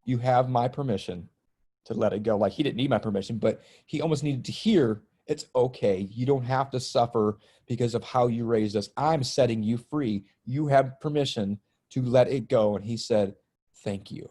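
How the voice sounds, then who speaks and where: A man's voice: mid-range voice, normal speed, dark tone. Middle-aged guy, guest on a podcast, telling a heartfelt story, cracks little jokes. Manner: earnest and emotional, breaks tension with jokes. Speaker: guest, spiritual teacher and healer. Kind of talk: personal storytelling in a podcast interview.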